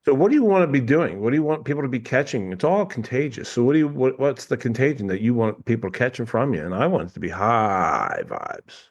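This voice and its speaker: This guest coach on a casual podcast has a gravelly, medium-pitched voice, talks fairly quickly with hardly any pauses, and the sound is lo-fi. He tells animated stories, laughing a lot and imitating people.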